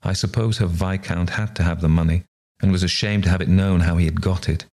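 A man voicing a wry gentleman friend who muses slowly with a hint of mystery. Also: deep voice, steady tone. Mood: musing. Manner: musing, slow and odd.

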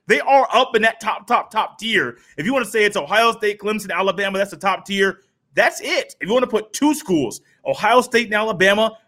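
This is a man talking sports with a co-host, and he sounds strongly opinionated and emphatic. His voice sits high and comes across bright and forceful. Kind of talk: casual sports talk commentary.

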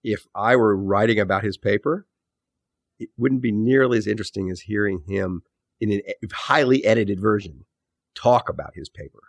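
During relaxed interview talk, this man, an author who also hosts a podcast, rambles reflectively and often stops to correct himself mid-sentence. His creaky voice is on the low side at a normal speed, on a dry recording.

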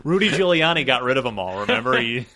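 Bright, lively man leading a podcast chat. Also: medium pitch, a little hiss or hum. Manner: steers topics, talks in quick bursts with restarts. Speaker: podcast co-host leading the show.

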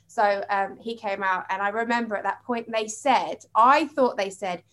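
Animated woman telling a story. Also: medium pitch, normal speed. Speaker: guest. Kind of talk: casual chat.

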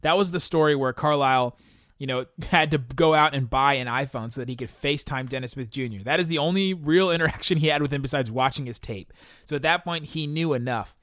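A young man hosts a casual podcast, working through listener questions in a loose, rambling way. He laughs often, restarts his sentences and leans on fillers. His voice sits at an ordinary middle pitch and sounds dry and close to the mic. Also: brisk, fairly bright tone, dry recording. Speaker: podcast host.

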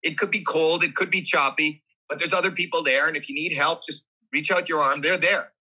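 A man being interviewed, telling a personal story in conversation, animated and emotional, with frequent restarts. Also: on the high side, brisk, breathy edge, rough recording. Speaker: guest.

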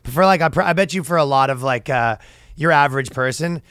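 A male comedy-podcast host rambles through his points, swearing casually and restarting sentences. His voice sits a little high. The sound is dry and close. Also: fast, a bit bright, clear, resonant tone, dry recording. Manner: loose, rambling, profane, frequent restarts.

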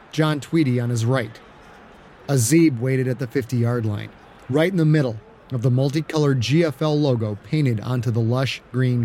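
A man narrating an audiobook in a steady, dramatic storytelling manner. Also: mid-range voice, slight background noise. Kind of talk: scripted narration.

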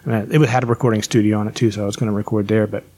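A man's voice: lowish voice, steady tone, rapid-fire, darkish tone, breathy edge. A man on a podcast telling his life story in casual chat, candid and full of swearing. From West Virginia. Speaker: podcast guest.

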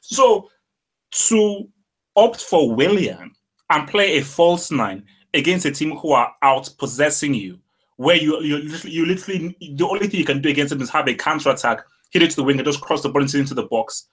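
A man's voice: a little high, expressive, fairly quick, a bit bright, breathy edge. A man co-hosting a casual football podcast, arguing his points emphatically and often repeating words as he starts a sentence. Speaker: podcast co-host.

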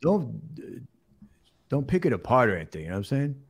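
A man's voice: mid-range voice, sing-song, vocal fry, breathy edge, full character voice. Man doing a mumbling tough-guy movie star. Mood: scolding. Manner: rambling, halting, mumbled restarts. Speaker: comedy sketch host. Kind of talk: improvised comedy impression.

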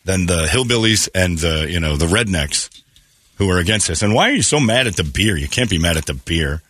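A man's voice: sits low, fairly quick, background noise. A male morning radio host with a sore throat, chatting casually and sardonically. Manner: animated, sardonic, often quotes others mockingly. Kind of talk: casual chat, wry storytelling.

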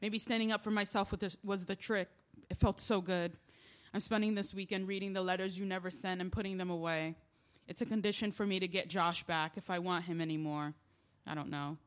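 A woman's voice: lowish voice, fairly even intonation, brisk, hardly any pauses. A woman delivering a stage play monologue in a confiding, rambling and emotional way. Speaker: lead character in a stage play.

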